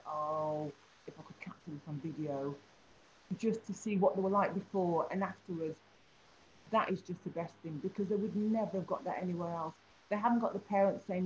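Telling a story from her time teaching, a woman brings it to life by performing every person in it, an animated anecdote given during an interview. Her pitch is middling, and the slightly dull audio carries a faint background hum.

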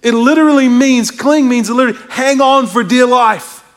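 A man's voice: very high-pitched, moderate pace. A man preaching a sermon as a pastor, speaking conversationally and with animation, often stepping out for asides to the congregation. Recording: long hall reverb.

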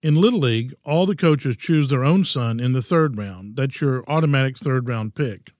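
A man in his sixties hosting a podcast, giving an earnest, measured, folksy reflective monologue. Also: mid-range voice, animated, a little mellow, dry recording, studio quality. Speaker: podcast host.

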